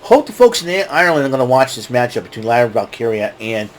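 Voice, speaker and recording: A man hosting a casual wrestling recap, rambling and excitable, often restarting his sentences. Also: medium pitch, fast, slight background noise. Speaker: show host.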